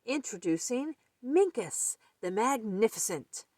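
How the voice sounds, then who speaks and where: A woman's voice: fairly high pitch, sing-song, unhurried, a little mellow, dry recording, clean studio sound, voice pushed up. A woman voicing a showy, theatrical male magician rabbit in a storybook, announcing his tricks.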